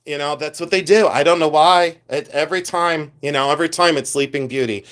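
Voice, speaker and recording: A little high in pitch and a little fast, a middle-aged man chats animatedly as he hosts a reseller live stream. He reads viewer comments aloud while displaying his finds. He also does comic impressions of shouting collectors.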